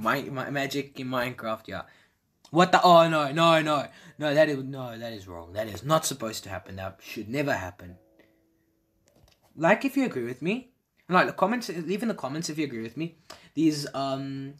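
A man giving casual, excitable reaction commentary as a video creator, repeating his exclamations and laughing often. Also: medium pitch. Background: faint background music.

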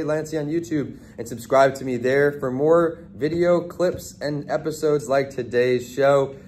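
A man's voice: mid-range voice, a little mellow, slight background noise. A man hosting a podcast interview, asking questions and closing the show with an upbeat promotional sign-off. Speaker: podcast host.

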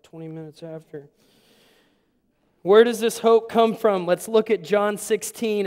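A man, preaching a sermon with folksy joking asides. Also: fairly high pitch. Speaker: pastor. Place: church sanctuary. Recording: long hall reverb.

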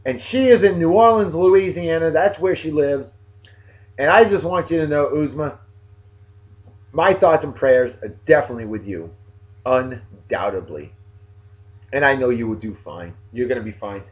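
Man, New England accent, casual vlog shout-outs, animated pitch, dull lo-fi audio. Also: normal speed. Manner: lively, joking, talks straight to viewers.

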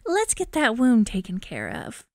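A woman voicing a kind, concerned woman neighbor in a game, speaking gently, soothingly and insistently. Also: on the high side, wildly swooping pitch, a little slow, no room sound, clean studio sound. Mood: gentle concern. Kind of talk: voiced game dialogue.

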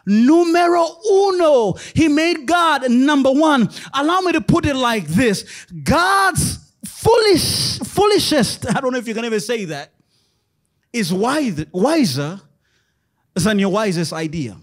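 A man preaching a sermon in church as pastor, moving between loud shouted lines and quiet, low passages. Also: expressive, measured pace.

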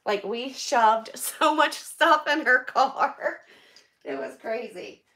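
A middle-aged woman from the United States, opening donated packages on a live stream and chatting excitedly with viewers. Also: sits high, takes it slowly.

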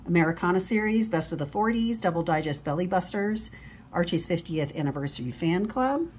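A woman's voice: on the low side, expressive, fairly quick, a little mellow, a little hiss or hum. A woman reading a comic book aloud in a casual, amused way, adding chatty asides between panels.

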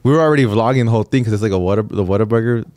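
A man's voice: fairly low pitch, racing, no echo. A man co-hosting a podcast, telling a story with lots of swearing and laughter, acting out his friends' lines. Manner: animated, swearing, laughs often, acts out friends' voices. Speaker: podcast co-host. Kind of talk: casual storytelling among friends.

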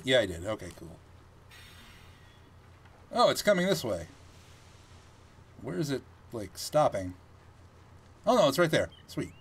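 A man giving casual gameplay commentary, chatty and thinking aloud as he plays, with animated reactions. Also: mid-range voice, breathy edge.

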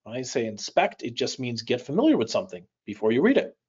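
A man leads a live speed reading lesson, speeding up and slowing down as he explains. His voice sits at a middle pitch, and the audio is slightly dull. He often checks in with listeners by asking "right?". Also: slightly rough. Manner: lively, varies pace and loudness, frequent "right?". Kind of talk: live online teaching session.

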